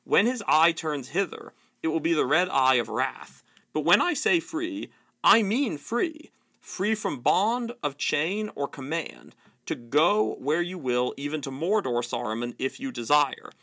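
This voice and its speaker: A man voicing a stern, commanding old male wizard who speaks slowly and deliberately, read aloud from a book. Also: on the high side, sing-song, bright, forceful tone, heavily acted.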